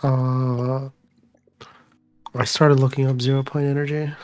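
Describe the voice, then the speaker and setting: A man's voice: medium pitch, level tone, measured pace, a little mellow, clear, resonant tone, no room sound, faint music behind. A young man in casual chat with a friend in VR, hesitant and stammering as he asks questions into a headset mic. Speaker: friend in VR hangout.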